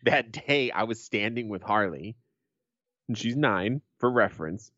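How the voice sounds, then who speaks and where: A middle-aged man with a low voice that swings widely in pitch tells profane stories in an easy, joking way. He is dry and close, with the slightly muffled sound of a lo-fi podcast recording. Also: animated, unhurried, a bit bright, dry recording. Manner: profane, blunt joking storyteller. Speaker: podcast host. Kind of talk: casual chat.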